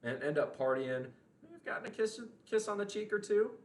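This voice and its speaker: A man's voice: high voice, expressive, fairly quick. A young man hosting a casual livestream, rambling and chatting with viewers, with the odd swear word. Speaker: livestream host. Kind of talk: casual livestream chat, reading chat messages. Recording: roomy echo.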